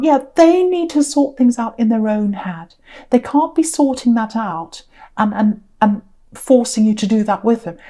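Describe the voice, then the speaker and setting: A woman giving a casual spoken tarot reading, chatty and rambling with many ums and restarts, offering gentle reassuring advice. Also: on the high side. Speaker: tarot reader.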